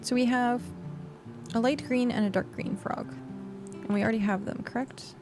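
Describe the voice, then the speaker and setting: A woman streams games with music playing, chatting and rambling with many fillers while thanking viewers. Her slightly high voice holds a steady tone at normal speed.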